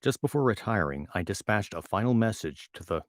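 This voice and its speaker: A man with a low voice reads a novel aloud into a home microphone. He often trips on a word and goes back to restart it. The sound is close and dry. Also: animated, a little fast, no room sound. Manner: stumbles and restarts words often. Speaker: reader reacting to a novel. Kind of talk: reading aloud with asides.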